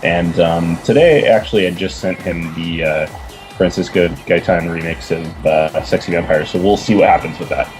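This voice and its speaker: A man's voice: sits low, moderate pace, music in the background. A man from Portland, a musician guest rambling through stories with lots of fillers. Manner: chatty, rambling storyteller with many fillers. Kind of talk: casual podcast chat.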